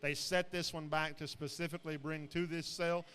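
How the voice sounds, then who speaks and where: Man, sale-barn commentator, higher voice, rambling folksy delivery, long hall echo. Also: level tone, fairly quick, fairly bright tone. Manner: rambling, folksy, frequent fillers and restarts. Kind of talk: live auction commentary on show pigs.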